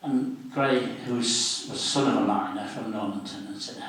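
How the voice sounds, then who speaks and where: A man in his seventies, a guest at a public meeting, telling anecdotes in a lively storyteller's way and briefly voicing the people he quotes. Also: mid-range voice, normal speed. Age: 70s. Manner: lively raconteur, acts out quoted voices. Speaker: interview guest, former student union officer. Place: civic meeting hall. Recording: very echoey hall, distant mic.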